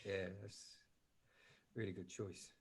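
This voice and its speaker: A man's voice: deep voice, flat delivery, slow, breathy edge. A man co-hosting a podcast, chatting casually and trailing off as he searches for words. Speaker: podcast co-host. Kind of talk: casual chat.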